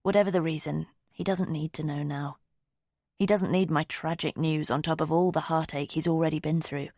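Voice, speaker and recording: Low-pitched lady reading a novel, close and calm, dead dry sound. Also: normal speed, dry recording. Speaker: audiobook narrator. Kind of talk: first-person novel narration.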